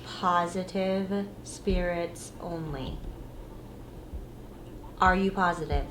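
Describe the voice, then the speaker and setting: Young female ghost hunter, measured and commanding, in a noisy, echoey hotel room. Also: lowish voice, fairly bright tone. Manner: firm, measured questioning of spirits. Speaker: paranormal investigator. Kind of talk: ghost-hunting session.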